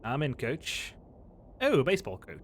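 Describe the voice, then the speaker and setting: Young guy streaming a game, chill and swears a lot, average pitch. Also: huge pitch swings, moderate pace, a little hiss or hum. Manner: casual, profane reactions. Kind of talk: live game stream commentary.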